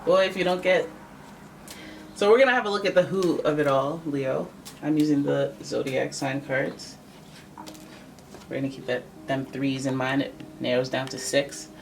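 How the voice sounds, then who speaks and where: A Canadian tarot reader gives a casual, joking reading to camera, chatty and thinking aloud, correcting themself along the way. The voice is medium-pitched and gravelly, fairly even in intonation, at a moderate pace with long pauses. It's a little far from the mic, with faint background noise.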